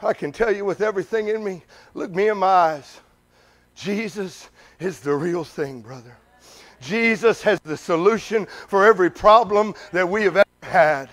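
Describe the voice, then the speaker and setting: A man preaching a sermon, talking conversationally to his congregation with many questions, moving between loud urgent bursts and quiet asides. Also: sits high, moderate pace.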